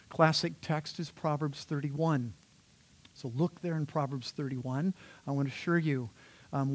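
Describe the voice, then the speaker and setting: A male pastor preaching a sermon, conversational and animated, talking straight to the congregation and slipping into playful voices. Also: on the high side. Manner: conversational, addresses the congregation directly.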